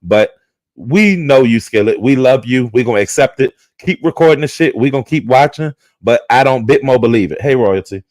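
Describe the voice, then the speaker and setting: Give me a man telling drama on a livestream, lively and profane, with a dry, close sound. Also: mid-range voice, moderate pace, no room sound. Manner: animated, profane storytelling. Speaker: livestream host. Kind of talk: casual livestream commentary.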